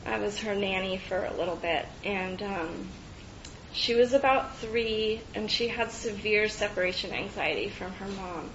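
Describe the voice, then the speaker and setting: Brief: woman, slow halting speaker, laughs often, dull echoey meeting-room recording. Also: medium pitch, a bit bright, slight background noise. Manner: halting, with frequent fillers and restarts; laughs often between phrases. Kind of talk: personal share at a recovery meeting.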